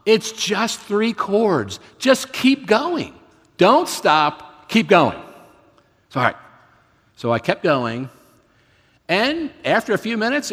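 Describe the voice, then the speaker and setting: A man's voice: on the high side, husky. A man in his fifties, speaking as a guest preacher, gives a sermon in a conversational, storytelling way with self-deprecating humor. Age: 50s. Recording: reverberant hall.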